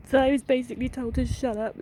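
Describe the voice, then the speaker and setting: A woman vlogger crying as she talks through an upsetting experience, halting and laughing through her tears. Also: sits high, warm tone, slight background noise, rough recording. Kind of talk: emotional personal vent.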